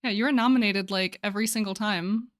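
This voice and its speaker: A woman's voice: medium pitch, brisk. A young woman hosting her live stream, chatting casually, bubbly and a little flustered, laughing often. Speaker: livestream host.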